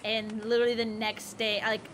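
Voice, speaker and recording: A woman's voice: on the high side, monotone, fairly quick, a bit bright, slight background noise. A woman in her thirties streaming a game, chatting casually and rambling playfully. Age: 30s. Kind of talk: casual livestream chat.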